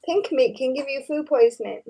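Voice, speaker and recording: A woman's voice: high voice, expressive, moderate pace, creaky, warm tone. A woman chatting casually on a livestream with dry, teasing banter. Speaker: co-host on livestream.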